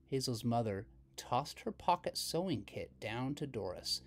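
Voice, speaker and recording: A man reading a children's picture book aloud, taking his time over each line. His voice rises and falls widely, giving the story plenty of color. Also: medium pitch. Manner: slow, expressive read-aloud.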